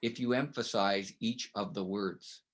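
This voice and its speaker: A man's voice: on the low side, fairly even intonation, a little slow. A man speaking as an interview guest, explaining with emphatic, coaching rhetorical questions. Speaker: guest educator. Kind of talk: conversational interview.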